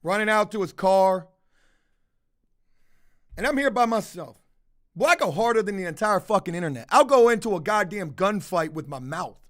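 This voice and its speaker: A man rants straight to his viewers, swearing nonstop. He speaks loudly and belligerently, calls the audience folks, and pushes every line hard. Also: high voice, expressive, moderate pace, pauses often. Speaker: video host. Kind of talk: profane ranting storytime.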